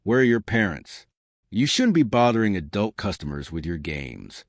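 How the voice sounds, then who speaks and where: A man's voice: lowish voice, very animated, normal speed, no room sound, clean studio sound. A man voicing an arrogant wealthy businessman who talks with barely held-back anger and contempt. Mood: scornful. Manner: angry, scornful outbursts.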